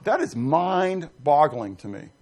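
A man's voice: on the high side, sing-song, slow, darkish tone. A middle-aged man preaching a sermon, reading scripture and putting questions to the congregation with emphasis. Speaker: pastor.

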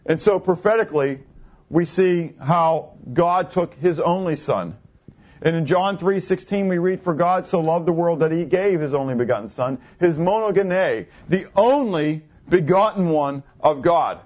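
A man's voice: fairly high pitch, lively intonation, measured pace, a little mellow. A man preaching a sermon in a conversational way, asking the congregation rhetorical questions. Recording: dull lo-fi recording.

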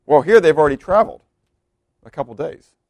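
A man with a Southern US accent preaching a sermon, animated and folksy, acting out the voices of biblical figures as he tells the story. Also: fairly high pitch, a little fast, creaky, dry recording, clean studio sound. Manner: folksy asides to the congregation. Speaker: pastor.

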